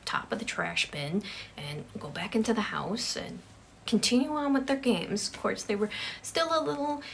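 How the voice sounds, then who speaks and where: A woman narrates a ghost story, often hushing her voice into a whisper to build suspense. Her voice is creaky and gravelly at an ordinary pitch. Faint noise sits underneath. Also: animated, normal speed. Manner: hushed, often dropping to a whisper.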